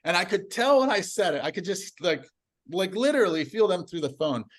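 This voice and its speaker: A man telling stories as a podcast guest in casual conversation, animated and laughing often. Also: high voice, a little fast.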